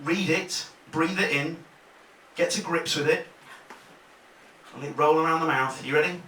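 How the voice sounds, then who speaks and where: Laughing compere in an echoey club. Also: male voice, fairly high pitch, measured pace. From Leeds, England. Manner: bantering, laughing, swings from mutters to shouts. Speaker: comedy compere. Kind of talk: live stand-up crowd work. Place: comedy club stage. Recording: echoey club, distant mic, loud noise.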